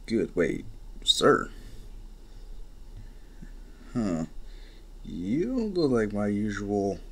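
A man voicing a lazy, gruff young gang leader who gives bored, curt replies. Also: on the low side, very animated, extremely slow, a bit bright, exaggerated voice. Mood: grumpy.

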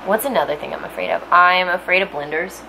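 A woman's voice: fairly low pitch, fast talker, vocal fry, sharp tone, a little hiss or hum, low-quality recording. A young woman vlogger rambling and joking in casual late-night chat at home, giggling and swearing often, recorded on a camera.

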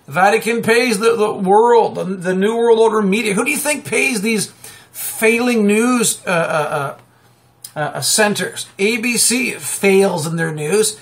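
A man preaching off the cuff, rambling and emphatic, breaking into sudden loud outbursts and chuckles. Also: sits high, unhurried. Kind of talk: fiery unscripted preaching monologue.

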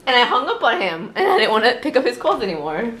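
A woman's voice: on the high side, big pitch swings, quick pace, fairly bright tone, a little hiss or hum. A woman filming a casual home vlog as a mother, playful and teasing, laughing often. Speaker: vlogger, mother.

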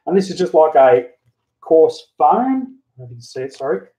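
A man giving a relaxed, chatty how-to while working on a hobby model at home, talking into a handheld camera. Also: on the high side, fairly quick. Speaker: hobby model builder, channel host. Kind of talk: casual how-to crafting chat. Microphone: handheld camera mic. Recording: dull lo-fi camera audio.

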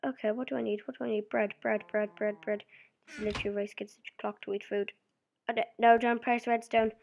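A woman's voice: mid-range voice, steady tone, fast, vocal fry, a little mellow, highs cut off. A young woman casually commenting on her game play, rambling playfully and acting out silly imagined conversations. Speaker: let's play gamer. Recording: noisy home mic recording.

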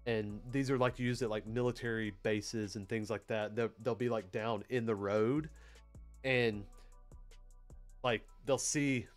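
A man with a Southern US accent hosts a live PLC training session, chatty and rambling, packed with fillers. His voice is medium-pitched and steady at a measured pace, with faint music playing behind.

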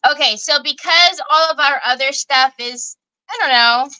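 A woman's voice: high voice, moderate pace, pushed and bright, rough recording. A woman, hosting a casual craft livestream in a chatty, folksy way and talking straight to her viewers. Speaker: craft show host.

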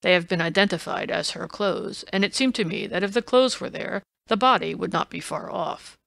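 A woman's voice: medium pitch, normal speed, vocal fry, no echo. Woman doing a blustering police inspector. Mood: insistent. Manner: loud, indignant, insistent. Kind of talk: audiobook reading.

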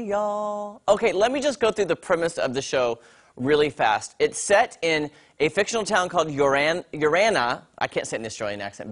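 An animated man talks through a TV series review on a morning show. His voice sits a little high. He sounds chatty and enthusiastic, speaking from a studio. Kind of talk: casual on-air TV review.

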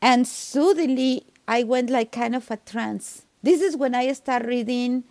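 A woman's voice: fairly high pitch, measured pace, a little mellow, no echo. A woman with a noticeable non-native accent, a medium and tarot reader telling a personal story on a podcast, acting out quoted dialogue and laughing easily. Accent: non-native speaker with a noticeable accent.

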